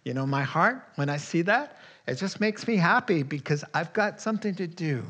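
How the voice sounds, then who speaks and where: A pastor preaching a conversational sermon, chuckling often and breaking into loud emphatic bursts. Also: male voice, fairly high pitch, expressive, moderate pace.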